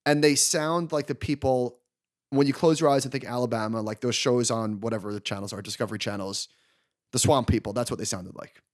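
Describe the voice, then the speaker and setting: A man in his thirties co-hosting a podcast, telling a long story in an animated, casual way and laughing along. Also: medium pitch, fairly quick. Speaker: podcast co-host. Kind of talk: casual chat.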